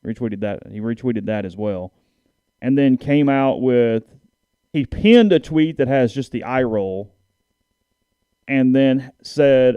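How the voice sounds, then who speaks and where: A man's voice: medium pitch, lively intonation, takes it slowly, pauses often, clear, resonant tone, no echo. A man co-hosting a sports podcast in casual chat, often restarting his sentences and reading posts aloud. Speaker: podcast co-host. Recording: dull, slightly lo-fi dry sound.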